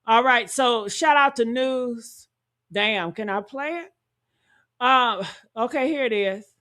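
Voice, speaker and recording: A woman giving heated, profane reaction commentary, talking loudly and indignantly and calling out to her viewers. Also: on the high side, slow. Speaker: commentary streamer.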